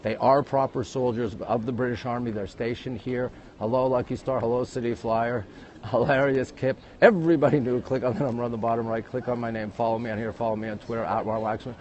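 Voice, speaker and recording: A man streaming a walking tour from his phone outdoors, chatting to viewers and repeating his lines as he strolls. His voice sits at an ordinary middle pitch. A faint wash of outdoor noise runs underneath. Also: fairly even intonation, brisk, darkish tone, highs cut off. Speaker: livestream tour guide. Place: outdoors at a historic castle. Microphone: phone held while walking.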